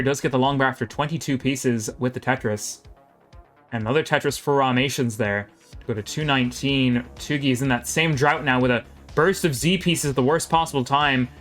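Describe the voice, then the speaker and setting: A man giving live play-by-play commentary on a video game match, calling each move quickly and chatting with viewers between plays. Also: mid-range voice, fairly bright tone.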